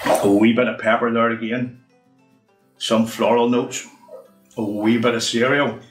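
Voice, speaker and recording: Man, lowish voice, chatty whisky review, echoey room, mic at a distance. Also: fairly bright tone. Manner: chatty, unhurried, says "wee" often. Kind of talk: casual review monologue. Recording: roomy, from off the mic, faint music.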